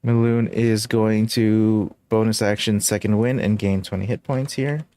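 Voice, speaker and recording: Game master, man, measured, dry close sound, faint music behind. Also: on the low side, fairly even intonation, mellow, no echo. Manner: measured, calls out rolls and results. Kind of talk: narrating a tabletop game.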